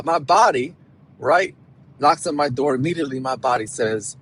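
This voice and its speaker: A man, a counselor, giving an emphatic, animated motivational talk and often checking in with "right?". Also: medium pitch, normal speed, husky, poor audio.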